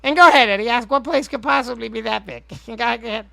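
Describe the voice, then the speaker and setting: A man putting on the voice of a gloating skeletal male cartoon villain, mock-polite and crude with a gravelly sneer. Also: extremely high pitch, fast, sharp tone, no echo, pitched above the performer's own voice, heavily acted. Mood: smug gloating.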